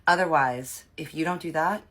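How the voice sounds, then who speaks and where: A woman's voice: sits low, moderate pace, fairly bright tone. A woman doing a blunt, commanding mother-in-law. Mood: firm.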